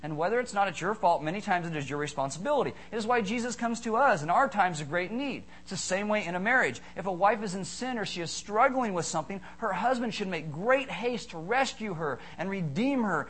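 High-voiced animated male preacher. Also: a little fast, hardly any pauses, rough recording. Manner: animated, joking preacher who mimics voices in stories. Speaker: pastor. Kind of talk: sermon.

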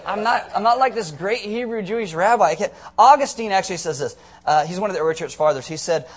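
A young man preaching a sermon, animated and joking as he tells the story, with sudden loud shouts. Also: sits high. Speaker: pastor.

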